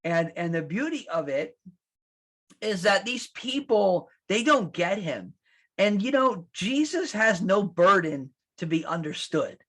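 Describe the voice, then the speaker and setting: A man preaching a sermon as pastor, conversational and animated, acting out quotes and restarting his sentences. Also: high-pitched, measured pace. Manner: animated, acts out quotes, laughs at his own lines.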